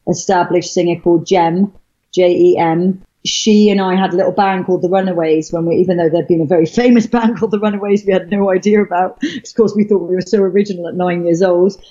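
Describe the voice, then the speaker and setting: A woman's voice: lowish voice, fairly even intonation, quick pace, warm tone. A middle-aged woman from Wales, a guest telling her story in casual chat, rambling with many fillers and restarts. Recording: dull lo-fi sound.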